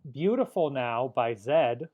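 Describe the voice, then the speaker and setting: A young man co-hosting a podcast, recapping a movie plot in casual chat with dry, deadpan jokes. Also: medium pitch, slow, narrow, tinny audio. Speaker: podcast co-host.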